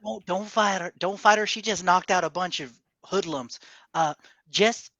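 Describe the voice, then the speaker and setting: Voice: medium pitch, unhurried, bright, forceful tone, dry recording. A player voicing a self-assured male celebrity who speaks in a folksy, put-on drawl. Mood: coaxing.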